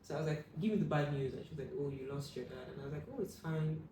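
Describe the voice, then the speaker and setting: Animated woman telling a story in a roomy space. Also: very fast, far from the mic. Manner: animated, acts out quoted voices with sudden loud high bursts. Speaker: guest. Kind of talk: personal storytelling in an interview. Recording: echoey room, voice from off the mic, faint room hum.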